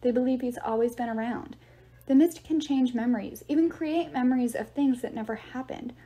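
A weary teenage girl , voiced by a woman reading a book aloud, explaining things patiently in a subdued, tired tone. The voice sits a little high and sounds soft and mellow. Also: fairly quick, lightly acted. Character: weary, worried teen girl, calm and explaining. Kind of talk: audiobook reading.

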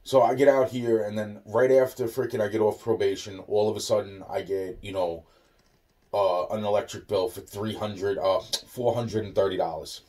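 A man's voice: fairly low pitch, steady tone, normal speed, dark tone. A man ranting about his troubles in a loose, profane way, full of fillers and restarts. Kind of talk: rambling personal rant. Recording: voice a bit far from the mic.

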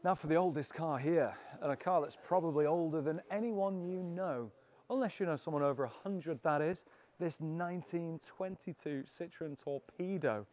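A British man with a fairly high voice guides viewers around a classic car auction. He gushes over each car with cheeky asides and quick jokes, sounding thrilled by everything he sees. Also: darkish tone. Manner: enthusiastic, cheeky and jokey. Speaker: car vlogger. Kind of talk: walkaround presenting.

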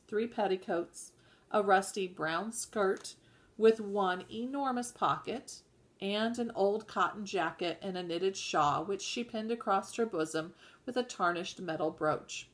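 Slow, measured woman reading a novel. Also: mid-range voice. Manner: measured, occasional self-corrections. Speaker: audiobook reader.

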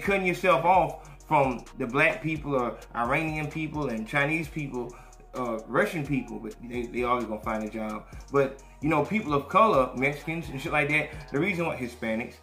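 A man hosting a podcast who tells stories in casual, profane, animated talk and acts out what others said. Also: mid-range voice. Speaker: podcast host. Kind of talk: casual storytelling chat. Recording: echoey room, faint music.

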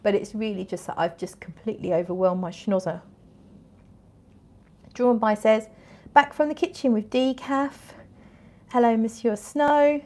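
A woman's voice: a little high, fairly even intonation, unhurried, darkish tone. A woman in her forties hosting a casual fragrance livestream, reading viewer comments and chatting in a bubbly, rambling way. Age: 40s. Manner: chatty, bubbly, with frequent restarts and laughs. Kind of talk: casual live-stream chat reading comments.

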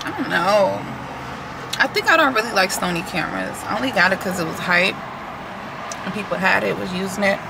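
A young woman talks straight to her camera from a tripod in her car as she drives through traffic. Her voice has a gravelly edge, and she chats in a loose, slightly nervous way. Loud road noise rumbles underneath. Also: a little fast. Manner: chatty, nervous, laughing asides. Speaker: vlogger. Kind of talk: casual car vlog chat.

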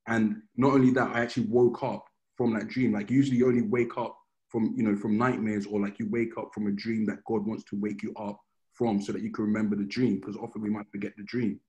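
A man's voice: fairly low pitch, flat delivery, a little fast, darkish tone, highs cut off. A man giving a conversational sermon, telling stories and reading scripture in an informal manner that often restarts phrases. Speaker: preacher.

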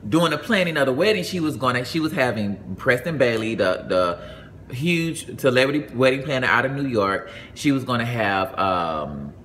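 A young adult man from Atlanta telling a personal story in a casual, animated way, jumping into high voices for the people he quotes. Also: normal speed, a little hiss or hum.

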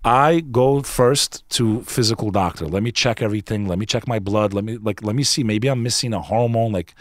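A man's voice: on the low side, a little fast, no room sound. A man guest on a podcast, telling a personal story in an emphatic, earnest, casual way, often saying "bro". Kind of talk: candid conversational storytelling.

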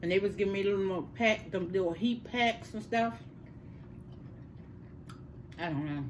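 An older woman, telling a personal story in casual chat, animated and repeating words for emphasis. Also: mid-range voice, moderate pace, a little hiss or hum. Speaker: host.

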